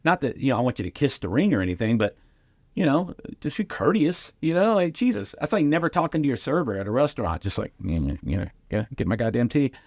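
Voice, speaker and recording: A man's voice: on the high side, big pitch swings, quick pace, darkish tone, dry recording. A middle-aged man, a comedian, telling casual stories on a podcast and acting out the voices of other people in his quotes. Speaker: comedian guest.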